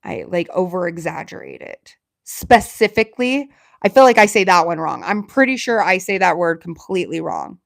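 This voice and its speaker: Fast-talking woman with a Southern Alabama accent. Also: lowish voice, very animated, vocal fry, no room sound, clean studio sound. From Alabama, USA. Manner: talks fast and slurs words together; chatty and self-deprecating. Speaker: livestream host. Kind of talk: casual live-stream chat with viewers.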